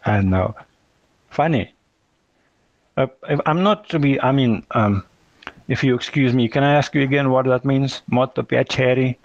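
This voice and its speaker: A man's voice: medium pitch, normal speed, long pauses, dry recording. Inquisitive man, dull dry sound. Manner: curious, asks many questions, careful phrasing. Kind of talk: casual chat.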